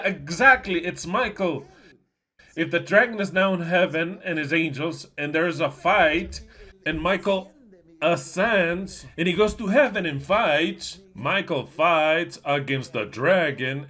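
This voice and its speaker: A man with a somewhat high voice teaching scripture to a livestream audience. He talks emphatically and keeps firing rhetorical questions, swinging from loud bursts to near-murmurs, and drops blunt, coarse asides. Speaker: Bible teacher.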